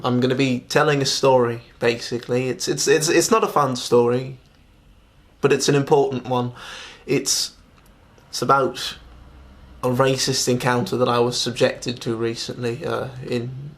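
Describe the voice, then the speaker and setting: Male comic, mid-range voice, tells a story to camera in a halting, falsely earnest way. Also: mid-range voice, little pitch movement. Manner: halting, stammering, many restarts. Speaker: comedian telling a story to camera. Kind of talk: mock-serious comic monologue.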